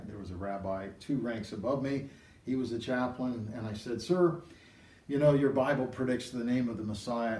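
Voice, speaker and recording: A middle-aged man teaches from scripture in an animated storytelling way, pushing up into excited emphasis on key points. His mid-range voice rings in a roomy space, picked up from a distance. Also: medium pitch. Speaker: preacher. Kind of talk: Bible teaching.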